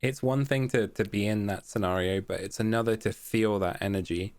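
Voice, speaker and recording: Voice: deep voice, brisk, no room sound. A podcast host chatting casually, often answering with brief, encouraging replies. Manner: encouraging, frequent short backchannel replies. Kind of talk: casual interview.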